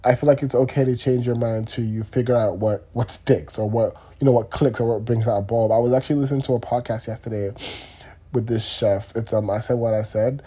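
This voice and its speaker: A young man talks alone on his podcast, drifting from thought to thought in a loose, candid ramble. His voice is warm and a little breathy. He swears offhandedly as he goes. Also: mid-range voice, fairly even intonation, brisk. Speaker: podcast host. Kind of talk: solo podcast monologue.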